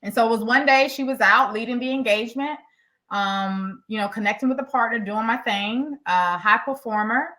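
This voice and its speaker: A middle-aged woman, an executive coach, telling a story in an animated, emphatic way as she speaks directly to her workshop audience. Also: on the high side, normal speed.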